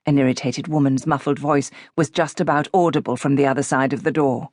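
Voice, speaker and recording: Rich: A woman reads a novel aloud in a measured, even storytelling manner. Her voice sits low. The studio sound is close and dry, with no room around it. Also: dry recording. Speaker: audiobook narrator. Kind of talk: scripted audiobook narration.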